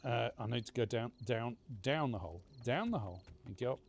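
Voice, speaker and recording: A man's voice: medium pitch, lively intonation, brisk, slight background noise. A man commentating a game he plays, chatting sarcastically to the characters on screen. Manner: chatty, sarcastic, talks to game characters, mock-panicked outbursts. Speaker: gaming streamer. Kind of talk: casual let's-play commentary.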